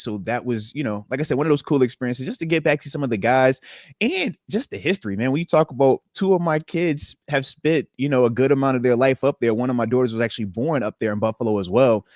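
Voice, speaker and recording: A man, a former pro football player, co-hosting a casual sports podcast and telling animated stories. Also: mid-range voice, fast talker, dry recording, clean studio sound. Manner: animated storyteller, acts out voices.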